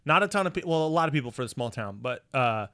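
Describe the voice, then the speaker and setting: A man's voice: medium pitch, lively intonation, rapid-fire, sharp tone, no echo. A man in his thirties spins a meandering anecdote, cutting himself off and tossing in jokey asides. His voice sits in a middle register and sounds close and dry, with no room around it. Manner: rambling, self-interrupting, jokey asides. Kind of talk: casual storytelling chat.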